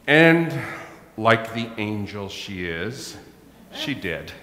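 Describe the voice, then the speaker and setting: A middle-aged pastor preaching a sermon, telling a self-mocking story. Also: male voice, lowish voice, big pitch swings, drawn-out words, a bit bright. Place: church. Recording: echoey church hall.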